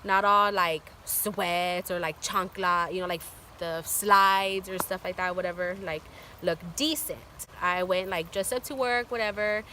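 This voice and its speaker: Young woman, storytime vlogger, bright voice, rambling chatty delivery. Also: on the low side, fairly even intonation, unhurried, slight background noise. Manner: chatty, filler-heavy with constant "like". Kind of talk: casual storytime.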